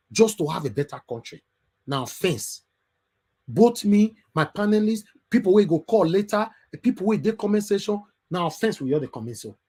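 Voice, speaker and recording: A man with a Nigerian Pidgin English accent hosting an online call-in show, lecturing in a preachy way that rises to loud emphatic bursts. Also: high voice, slightly rough. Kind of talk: impassioned live talk show.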